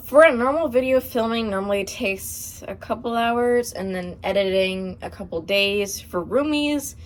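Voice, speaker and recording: A woman's voice: fairly high pitch, normal speed. A young woman hosting a casual question-and-answer vlog, chatty and a little hesitant, with frequent fillers and laughs. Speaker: channel host.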